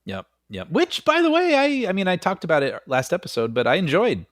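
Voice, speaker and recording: A man co-hosting a film podcast in casual chat, animated and laughing often as he talks, on a close studio mic. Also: on the high side, fairly quick, no room sound. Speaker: podcast co-host.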